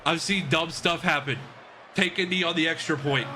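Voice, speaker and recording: A man giving excited play-by-play commentary on a football video game he is playing, shouting and laughing. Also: a little high, a little slow, background noise. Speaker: game streamer.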